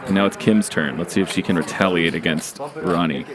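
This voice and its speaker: Deep-voiced poker commentator. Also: male voice, crowd noise. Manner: brisk, explanatory. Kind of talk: play-by-play commentary.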